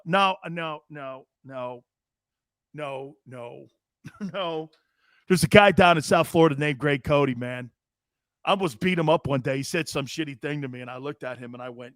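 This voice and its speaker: A man's voice: a little high, expressive, normal speed, a bit bright, no room sound, clean studio sound. A brash man in his fifties hosting a sports talk show, chatting casually and cursing freely as he reacts to comments. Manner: brash, profane, laughing between lines. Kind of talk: casual chat reading live comments.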